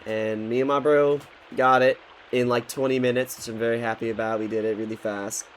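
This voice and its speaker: Young man, twenties, casual storytime rant, swears a lot, frustrated, mid pitch. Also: fairly even intonation, brisk, slight background noise. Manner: frustrated, swears often, talks loosely with restarts. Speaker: YouTuber telling a story while gaming.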